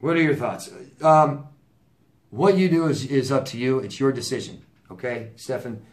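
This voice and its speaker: Speaking at a moderate pace in a mid-range voice, a man who works as a relationship coach responds to viewer letters. His casual monologue is blunt, full of emphatic repetition and stammered restarts.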